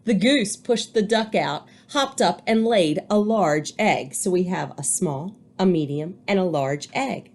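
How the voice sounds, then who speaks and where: Woman reading a picture book aloud, slow and lively. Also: on the low side. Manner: chatty asides while reading. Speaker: teacher.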